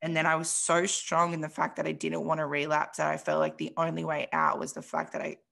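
A young woman speaks in a low, gravelly voice. She tells her personal story candidly and emotionally as a podcast guest, swearing freely and filling gaps with "like". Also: completely flat delivery, a little fast, a bit bright. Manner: emotional, frank, swears freely, says "like" often.

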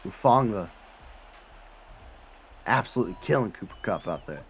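Low-voiced man yelling over his football game. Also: normal speed, vocal fry, muffled recording, faint music behind. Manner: swings from low mutter to excited yelling, swears when frustrated. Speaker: gaming channel host. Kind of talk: live gameplay commentary.

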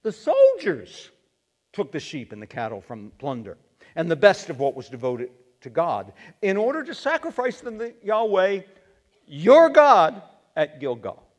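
A male pastor preaching a sermon in a church, animated and acting out the quotes he reads. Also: sits high, unhurried. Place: church sanctuary. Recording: long reverb of a church sanctuary.

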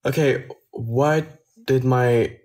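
Young man, slow and relaxed, phone livestream chat from his kitchen, answering comments. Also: mid-range voice. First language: Dutch. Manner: relaxed, reads viewer questions aloud and answers them. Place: home kitchen.

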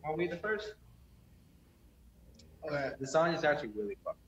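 A man's voice: a little high, sing-song, brisk, roomy sound, highs cut off, slight background noise. A man goofing around on a casual livestream, joking crudely, laughing, and rapping off the cuff. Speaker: livestream host.

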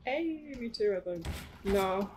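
A woman's voice: medium pitch, expressive, slow, a little mellow, a little hiss or hum. Playful woman joking through a game. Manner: playful, jokey, self-mocking. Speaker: channel host. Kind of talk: casual gameplay chat.

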